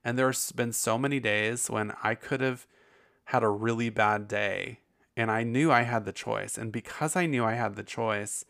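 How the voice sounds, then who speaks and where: Gravelly, low-voiced man chatting casually. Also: moderate pace, a bit bright. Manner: profane, rambling and candid. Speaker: podcast host. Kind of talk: casual podcast chat.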